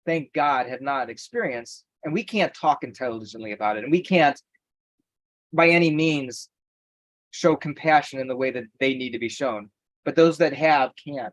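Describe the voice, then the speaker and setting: A man's voice: mid-range voice, moderate pace, no echo, low-quality recording. A man talking earnestly and at length as a podcast guest. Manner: earnest and talkative. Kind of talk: casual podcast conversation.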